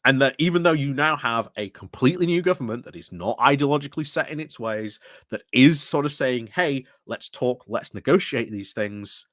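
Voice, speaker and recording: A man's voice: medium pitch, animated, normal speed, few pauses, fairly bright tone, no room sound, studio quality. A man hosting a commentary channel, explaining things in a rambling casual way with many fillers and restarts. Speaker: political commentary channel host.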